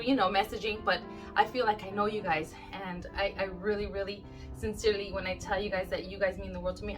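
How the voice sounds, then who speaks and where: A woman with a medium-pitched, slightly bright voice vlogs while opening viewer mail. She's a YouTube crafter going through friend mail, gushing, exclaiming and gasping often, teary-eyed and close to crying in this casual vlog chat.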